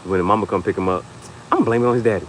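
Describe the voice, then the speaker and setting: A young adult man hosting a casual comedic chat, telling animated stories, laughing often and jumping into high-pitched acted quotes. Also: rapid-fire, slight background noise, rough recording. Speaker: podcast host.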